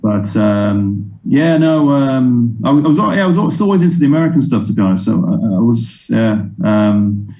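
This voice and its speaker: A man's voice: mid-range voice, lively intonation, normal speed, hardly any pauses, mellow. A man from England, a comedian guest in an interview, answering hesitantly with many ums and restarts. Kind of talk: casual interview chat.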